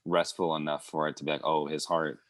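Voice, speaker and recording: Brief: young male guest, very low voice, dry close sound, laid-back chat. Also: little pitch movement, a little fast, fairly bright tone, no room sound. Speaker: podcast guest. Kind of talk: casual chat.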